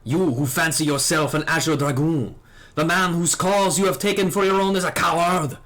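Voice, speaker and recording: A man's voice: fairly high pitch, fairly even intonation, moderate pace, fairly bright tone, voice pushed up, natural voice. A man voicing a proud, wrathful young dragoon in a put-on French accent, declaiming accusations while reading game dialogue aloud.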